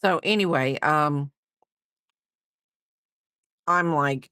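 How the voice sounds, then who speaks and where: A woman's voice: low-pitched, steady tone, slow pace, pauses often, bright, forceful tone, clean tone, dry recording, clean studio sound. A middle-aged woman chatting casually while she crochets, rambling with lots of fillers and asides. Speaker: crochet vlogger.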